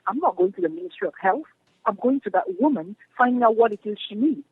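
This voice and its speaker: Over a tinny phone line from her home in Germany, a woman gives an earnest, passionate phone interview as a guest, repeating her key phrases. Her voice is a little high, husky and expressive, and she talks fast with no echo.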